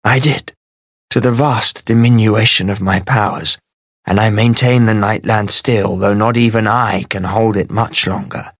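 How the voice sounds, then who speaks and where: A proud sorceress who guards her secrets and sounds worn down, read out by a man in his own low voice. Her words come cold and close, with no room sound around them. She sounds like a figure in a spoken fantasy novel. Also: fairly even intonation, a little slow, a bit bright, no echo. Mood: guarded. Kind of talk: audiobook character voice.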